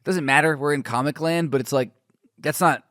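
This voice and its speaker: A man's voice: fairly high pitch, a little fast, no echo, studio quality. A young man co-hosting a podcast, riffing and joking animatedly about a comic book. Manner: animated, questioning, riffing with jokes. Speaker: podcast co-host. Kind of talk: casual comic book discussion.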